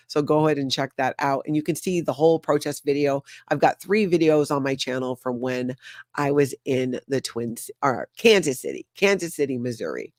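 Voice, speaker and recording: A woman's voice: very deep voice, no room sound, clean studio sound. A woman hosting a casual news recap livestream, talking straight to her viewers in a sarcastic, chatty way. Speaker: host of a news recap channel.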